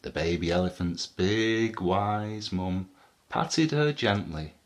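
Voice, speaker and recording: A man reading a picture book aloud to children, animated and asking them questions. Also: deep voice, slow.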